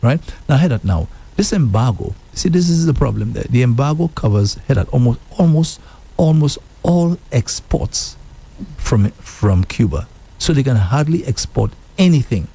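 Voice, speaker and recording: A man from the Caribbean hosting a casual political talk show, animated and repetitive, quoting others in mock voices. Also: medium pitch, normal speed, creaky, husky. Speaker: radio show host.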